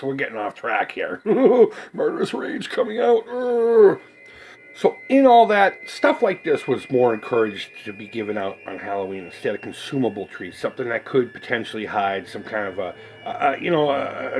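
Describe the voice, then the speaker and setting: A man's voice: on the low side, poor audio. A man in his forties hosting a casual unboxing video, rambling and swearing freely with a joking, laughing manner. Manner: rambling, profane and jokey, with laughs. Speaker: collectibles video host.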